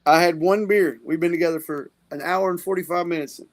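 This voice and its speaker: A man from Tennessee joins a podcast as a guest musician, talking in a relaxed, joking way. His voice is slightly higher than most men's and has a gravelly edge. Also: fairly quick. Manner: easygoing, joking. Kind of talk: casual chat as a guest.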